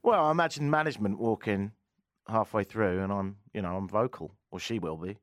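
A man's voice: fairly low pitch, brisk, no room sound, clean studio sound. A man hosting a radio show, chatting in a cheeky, jokey way with his co-host. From England. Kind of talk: casual comedic radio chat. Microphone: studio microphone.

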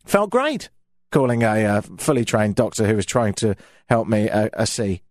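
A man's voice: fairly low pitch, very animated, normal speed, dry recording. A man from Britain hosting a radio show, telling a self-mocking comic story from his studio microphone.

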